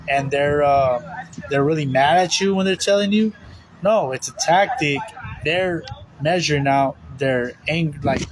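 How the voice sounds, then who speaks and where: A man's voice: on the high side, background noise. A man giving a casual spoken sermon as a religious teacher, rambling and repetitive with many fillers.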